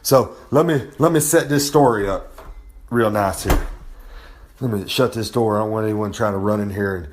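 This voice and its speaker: Brash wrestler boasting into a phone. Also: male voice, fairly low pitch, moderate pace, a little hiss or hum. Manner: brash, boastful, talks of himself in the third person. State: sore and hungover. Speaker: wrestler with a regular podcast segment. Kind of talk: wrestling promo monologue. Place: at home. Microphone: phone held close to the face.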